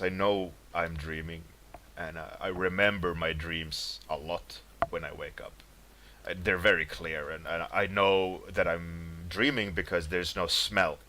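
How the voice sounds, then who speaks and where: A man's voice: low-pitched, bright, forceful tone. A man casually chatting on his livestream, rambling about dreams, laughing often and greeting viewers by name. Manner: rambling, laughs often, reads chat names aloud. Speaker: livestreaming artist. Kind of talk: casual stream chat.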